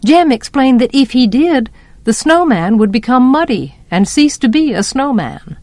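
A woman reading a novel aloud as an audiobook narrator, measured and expressive. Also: high voice, no echo. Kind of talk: storybook narration.

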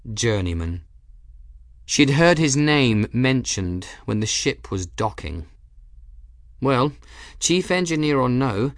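A man narrating an audiobook in a measured storytelling manner. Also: medium pitch, a bit bright, no room sound, clean studio sound. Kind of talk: scripted narration.

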